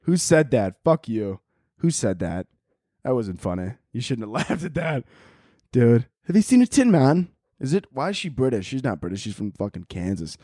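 A man's voice: mid-range voice, very animated, normal speed, a little mellow, dry recording, studio quality. A man hosting a podcast, ranting casually, swearing often and laughing at his own jokes. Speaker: podcast host. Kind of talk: casual comedic rant.

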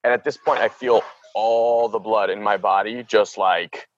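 A man in his thirties telling a story in a casual chat, animated, acting out quoted voices and saying "like" constantly. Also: on the low side, unhurried, dull audio, a little hiss or hum. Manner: filler-heavy, says "like" a lot.

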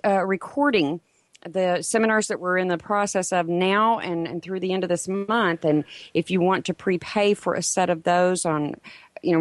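A woman's voice: fairly low pitch, dry recording. A woman co-hosting a health radio show, speaking emphatically and reading out phone numbers and offers. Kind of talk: casual radio talk and plugs.

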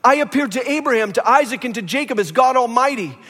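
A man's voice: very high voice, quick pace. A man in his thirties or forties preaching a sermon as pastor, telling stories and acting out the voices in them. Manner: animated storytelling, acts out quoted voices. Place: church sanctuary. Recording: long reverb of a large hall.

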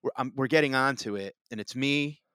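A man chatting on a podcast, meandering through a story with lots of restarts and filler words. His voice sits at an ordinary pitch and sounds close and dry, with no room behind it. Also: fairly quick, pushed and bright, clean tone, no echo. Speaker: podcast co-host. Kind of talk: casual chat.

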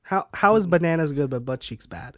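Man, playful teasing podcast chat, slightly high voice, dry close mic. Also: lively intonation, fairly quick, a bit bright, dry recording. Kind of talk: casual chat.

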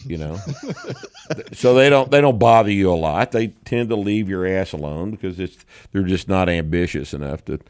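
A man with a very low voice talks as a podcast host, blunt and sure of his opinions, swearing casually. The sound is close and dry with no room around it. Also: normal speed, a little mellow, clean tone, no room sound. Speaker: show host.

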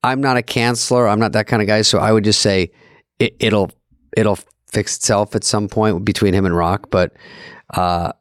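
A man's voice: lowish voice, fairly even intonation, moderate pace, no echo, clean studio sound. A man co-hosting a comedy podcast, telling rambling, self-deprecating stories in casual chat. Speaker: podcast co-host.

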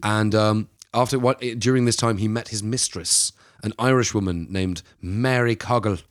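A man's voice: fairly low pitch, steady tone, moderate pace, no echo, clean studio sound. A man co-hosting a casual true-crime podcast, telling the story in a rambling, playful way. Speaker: podcast co-host.

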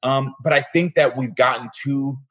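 A man's voice: medium pitch, fairly even intonation, normal speed, a bit bright, muffled recording. A man talking earnestly as a guest in a casual interview, acting out the exchanges he recounts. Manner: earnest storyteller, acts out quoted exchanges.

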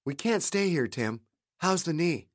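A man's voice: fairly high pitch, animated, measured pace, dry recording, studio quality, voice pushed up. A man voicing an exhausted, determined young woman who speaks firmly and insistently. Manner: firm, insistent.

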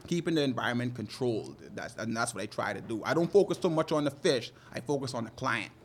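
A man's voice: medium pitch, sing-song, quick pace, slight background noise. A man working as a fishing guide, talking loosely and animatedly in an interview, often laughing. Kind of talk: casual interview talk.

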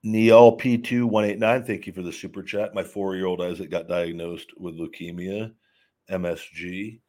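A man's voice: low voice, fairly even intonation, moderate pace, dark tone. A man hosting a live show, talking casually and emphatically with many restarts while reading viewer messages. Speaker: host reading super chats. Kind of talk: live-stream casual talk.

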